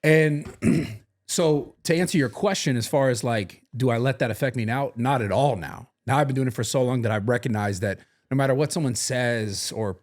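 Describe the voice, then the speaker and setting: A man's voice: mid-range voice, moderate pace, darkish tone. Earnest, reflective young man. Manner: earnest, reflective, many "like" fillers. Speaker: podcast host. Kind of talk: casual podcast chat.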